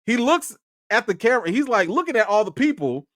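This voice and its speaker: A man from Chicago tells a story on his livestream in a slangy, excitable way, his pitch leaping up and down as he gets worked up. The sound is dry and close, with no room around it. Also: a little fast, no room sound. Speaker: film critic and channel host.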